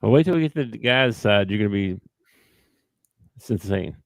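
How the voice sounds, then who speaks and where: A man's voice: fairly low pitch, lively intonation, normal speed, no echo. A man co-hosting a sports podcast, talking in an easygoing, chuckling casual way. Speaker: podcast co-host. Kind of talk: casual chat.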